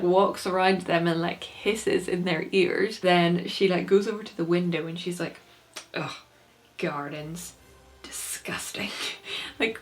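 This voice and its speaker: A young woman chatting casually through a plot recap, peppering her talk with "like". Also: on the low side. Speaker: book reviewer.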